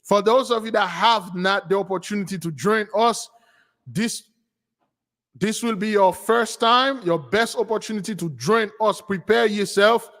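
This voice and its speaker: A man's voice: high voice, measured pace, fairly bright tone, long reverb tail. A man preaching, exhorting his listeners and often restarting his sentences. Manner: repetitive, stumbling restarts, exhorting. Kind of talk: sermon.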